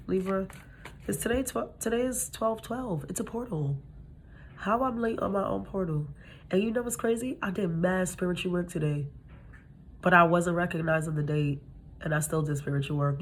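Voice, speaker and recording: A woman's voice: lowish voice, darkish tone, slight background noise. A young woman giving a casual tarot reading, chatty and streetwise, talking straight to her viewers. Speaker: tarot reader.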